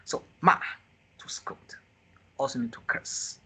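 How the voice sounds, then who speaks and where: A man teaching a beginner Mandarin class on a video call, acting out the four tones with drawn-out sighs, in simple non-native English. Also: sharp tone, in a whisper. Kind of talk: live online group lesson. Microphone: computer mic on a video call.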